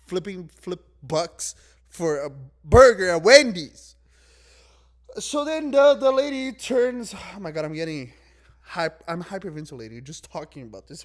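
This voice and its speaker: High-voiced young man ranting. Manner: exasperated, rambling, swaps swears for "flipping". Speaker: vlogger. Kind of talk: casual ranting monologue.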